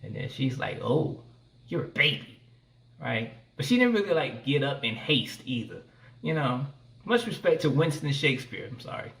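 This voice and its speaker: A man comically recapping a scene with deadpan delivery and crude asides. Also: mid-range voice, moderate pace, recorded from a distance. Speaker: comedian presenting a recorded clip.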